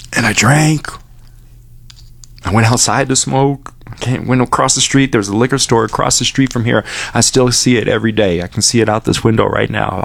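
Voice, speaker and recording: A man with a fairly low voice speaks from a radio station studio. He tells a personal story openly, the way a DJ talks to listeners. He raises his pitch when he acts out what people said. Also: creaky. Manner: candid storytelling, acts out dialogue with lifted pitch.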